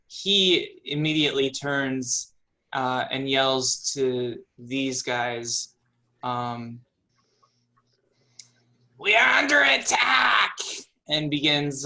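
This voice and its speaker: Male game master, slow deliberate delivery, bright tone, lots of "uh" and "um". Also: mid-range voice, low-quality recording. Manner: unhurried, filler-heavy narration. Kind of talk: narrating a tabletop game.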